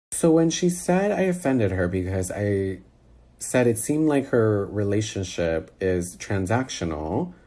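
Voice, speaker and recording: A man's voice: mid-range voice, mellow. A man on a phone rant, firing off exasperated rhetorical questions in a casual, incredulous way. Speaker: social media personality. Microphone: phone held close.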